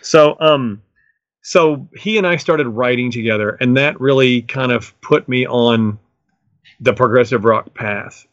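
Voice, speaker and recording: A man's voice: mid-range voice, no echo, dull audio. A middle-aged man, a musician guest, telling stories enthusiastically in a rambling way full of fillers. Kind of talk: casual storytelling interview.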